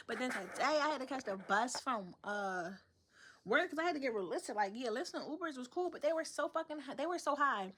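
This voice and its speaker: A woman's voice: on the high side, a little hiss or hum. A young woman vlogging from home, casually venting and acting out other people's lines. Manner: animated storytelling, acts out other people's lines.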